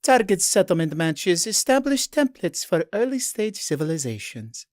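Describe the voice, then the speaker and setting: Shrill, chirping alien underling. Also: male voice, sing-song, moderate pace, no room sound, studio quality. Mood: eager reporting. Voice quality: thin, chirping. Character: thin-voiced alien male subordinate, eager, chirping. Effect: crackling bridge comm.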